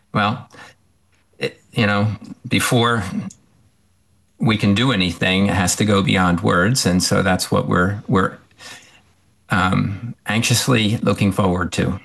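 A man, a professor, answering radio interview questions in a hesitant, halting way with many ums. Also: lowish voice, steady tone, gravelly, fairly bright tone. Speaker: professor and tick researcher.

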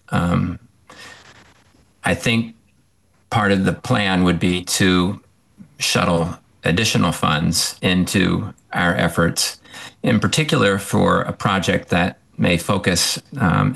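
A man, a professor, answering radio interview questions in a hesitant, halting way with many ums. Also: low voice, creaky, fairly bright tone. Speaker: professor and tick researcher.

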